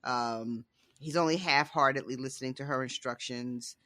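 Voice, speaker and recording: A man co-hosting a podcast who recaps the story in easy, casual chat and swears freely. His voice is bright and close to the mic, in a dry room. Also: medium pitch, moderate pace, dry recording. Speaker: podcast co-host.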